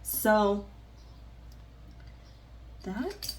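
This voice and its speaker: A woman with a mid-range voice talks slowly over slight background noise. In a casual get-ready-with-me vlog, she does her makeup at home while chatting candidly and rambling with plenty of fillers.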